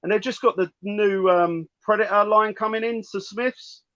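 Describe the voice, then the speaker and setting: A man with a fairly high voice chats loosely about toys, cursing casually as he goes. The sound is dry and a bit dull, like a lo-fi call. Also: fairly even intonation, moderate pace, pushed and bright, dry recording. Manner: chatty, swears casually. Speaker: guest toy collector. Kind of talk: casual chat. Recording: dull lo-fi audio.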